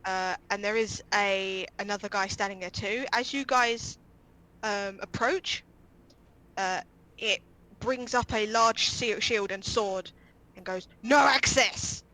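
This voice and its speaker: Game master, woman, laughs a lot, crisp bright tone. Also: mid-range voice, fairly even intonation, takes it slowly, low-quality recording. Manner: giggly, laughs often. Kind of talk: narrating a tabletop game.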